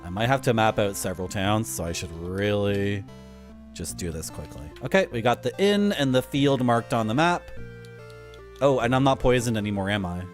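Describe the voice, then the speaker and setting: A man's voice: on the low side, animated, normal speed, soft background music. A man streaming a video game and chatting casually, with wry asides to his viewers. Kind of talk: casual gameplay commentary.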